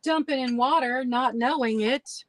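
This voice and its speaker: A woman's voice: high voice, a little slow, a bit bright. A woman co-host chiming in with questions and corrections in casual chat.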